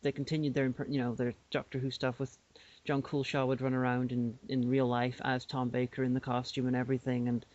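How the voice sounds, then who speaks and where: A man's voice: mid-range voice, completely flat delivery, brisk, a little mellow. A man co-hosting a podcast, explaining things in a rambling casual way with many restarts. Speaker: podcast co-host. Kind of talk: casual chat. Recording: dull lo-fi podcast audio.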